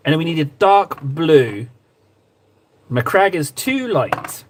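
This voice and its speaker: A man with a fairly high voice chats on a live stream as he mixes paints. His pitch swings around a lot as he rambles, jokes and banters with his viewers. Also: big pitch swings, slow, a little hiss or hum. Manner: playful, rambling, talks to chat while painting. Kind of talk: casual live-stream chat.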